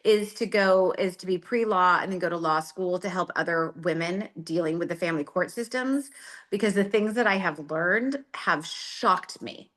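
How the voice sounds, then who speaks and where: A woman's voice: fairly low pitch, fairly bright tone. A woman in her forties, a guest on a podcast, speaking openly and reflectively in casual conversation. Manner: open, reflective, measured. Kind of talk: casual interview chat.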